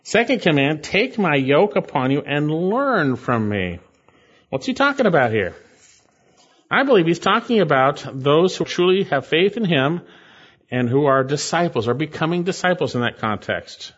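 A man preaching a sermon, earnest and emphatic, slowing down to stress phrases and pleading with listeners. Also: a little high, sing-song, fairly bright tone, husky, lo-fi sound.

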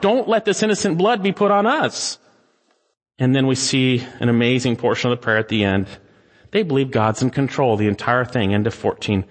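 A pastor preaching a sermon, swinging between raised urgency and hushed pleading, reading scripture slowly and solemnly. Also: male voice, on the high side. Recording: long hall reverb.

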